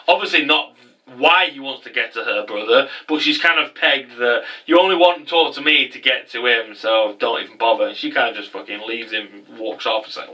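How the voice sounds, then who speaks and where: A man casually recapping an anime episode in a chatty, sweary, animated way. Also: medium pitch, moderate pace, far from the mic, rough recording.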